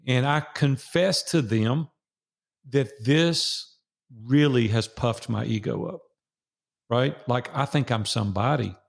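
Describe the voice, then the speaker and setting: An older man with a Southern drawl talks through a personal story as a podcast guest. His voice carries a gravelly edge, and he leans on repetition to drive points home. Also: medium pitch, slow pace. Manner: earnest, repeats phrases for emphasis. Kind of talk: casual storytelling interview.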